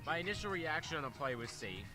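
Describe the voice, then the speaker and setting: A man fills in the color commentary with quick, easygoing asides about the game. He talks fast and wanders a little in his thoughts, with loud music playing behind him. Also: a little high, low-quality recording. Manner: relaxed, rambling asides.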